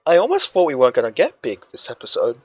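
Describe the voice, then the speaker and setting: A man's voice: a little high, wildly swooping pitch, quick pace, darkish tone, husky, no room sound. A man co-hosting a podcast in playful, sweary, laughing chat. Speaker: podcast co-host. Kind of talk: casual chat.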